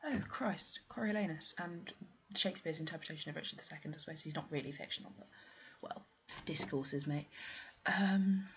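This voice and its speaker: Low-voiced posh English young woman. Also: brisk, creaky, breathy edge, dull audio. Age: young adult. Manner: rambling, self-deprecating, with many ums. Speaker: vlogger doing an accent challenge. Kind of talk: casual chat answering a question list.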